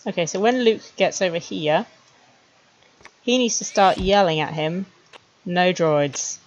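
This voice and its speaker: A woman streamer chatting wryly to herself as she builds animated scenes, laughing at her own jokes. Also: medium pitch, normal speed, muffled recording. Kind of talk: casual commentary while making a 3D animation.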